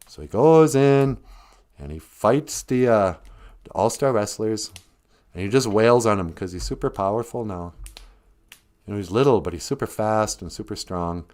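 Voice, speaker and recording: A man hosting a casual live stream, spinning a tale playfully. His pitch rises and falls a lot as he narrates. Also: expressive, normal speed, darkish tone. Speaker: storyteller and stream host.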